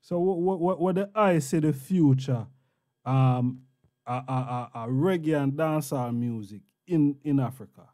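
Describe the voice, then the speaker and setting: A man's voice: a little high, moderate pace, mellow. A man hosting an interview, mostly answering with brief Rasta-styled affirmations and asking short questions. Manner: brief Rasta-styled affirmations, "yes sir", "give thanks". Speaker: interview host. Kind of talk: casual conversational interview.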